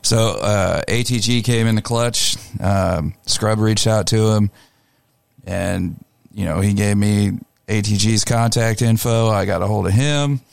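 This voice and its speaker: A young man co-hosting a radio show, talking in a relaxed, laid-back way. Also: lowish voice, unhurried, gravelly, clear, resonant tone, no echo. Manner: relaxed, laid-back, talks through lineups. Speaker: radio co-host and show promoter. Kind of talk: casual radio chat.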